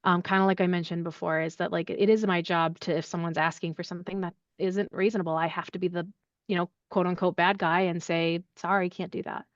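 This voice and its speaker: A woman answering in a podcast interview, talking in an animated, chatty way with lots of fillers. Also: fairly low pitch, a little fast, no echo, lo-fi sound. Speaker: accessibility services head, podcast guest.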